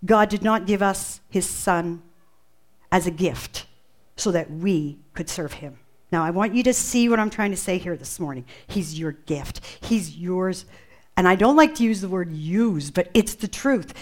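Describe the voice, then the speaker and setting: A woman preaching a sermon, emphatic and expressive, full of rhetorical questions to the congregation. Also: medium pitch.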